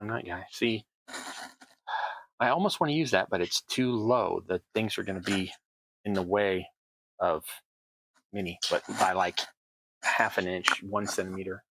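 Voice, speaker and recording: A man's voice: low voice, measured pace, pauses often, fairly bright tone, dry recording, rough recording. A middle-aged man with a Southern American accent chatting casually through a hobby crafting tutorial, rambling with self-deprecating asides. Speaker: host, terrain crafter.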